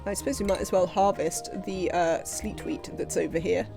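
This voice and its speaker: A woman's voice: lowish voice, steady tone, normal speed, creaky, over music. Chatty woman streaming a game. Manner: rambling, chatty, frequent fillers. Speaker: livestreamer. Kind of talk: casual live gameplay commentary.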